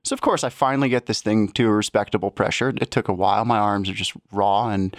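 Man, low gravelly voice, easygoing chat, dry close sound. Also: fast, no room sound. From lives in Colorado. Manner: easygoing, laughs at his own jokes. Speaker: podcast guest. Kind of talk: casual chat.

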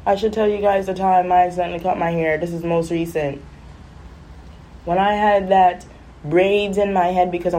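A woman vlogger telling funny personal stories in a chatty, animated way, acting out other people's lines. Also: fairly low pitch, low-quality recording. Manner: animated, chatty, acts out voices. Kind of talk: casual storytelling.

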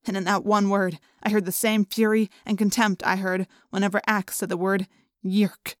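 A woman reading a youth science-fiction audiobook in first person, tense and steady. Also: mid-range voice, moderate pace, dry recording, clean studio sound. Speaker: audiobook narrator. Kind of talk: scripted narration.

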